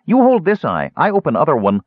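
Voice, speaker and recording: A man's voice: a little high, huge pitch swings, fairly quick, no echo, muffled recording, voice pushed up. A man voicing a simple-minded female gully dwarf who talks in short, broken phrases. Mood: blunt. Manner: broken, blunt speech.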